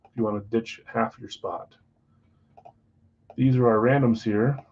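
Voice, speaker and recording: A man's voice: medium pitch, fairly even intonation, a little slow, darkish tone, husky. Casual male card-break host, easygoing, reading a list, slightly muffled stream audio. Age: adult, married. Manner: chatty, rattling off names and teams. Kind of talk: casual live-stream chat. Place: basement card room.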